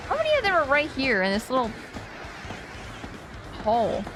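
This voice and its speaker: A woman's voice: high-pitched, wildly swooping pitch, moderate pace. A woman streaming a video game, chatting playfully and often laughing. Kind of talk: casual live gameplay chat. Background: faint game music.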